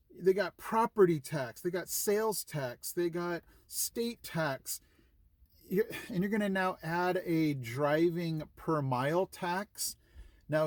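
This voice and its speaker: A man's voice: a little high, darkish tone, dry recording. A middle-aged man, hosting his vlog and telling a story casually, acting out his own reactions as he goes. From California. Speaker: vlog host.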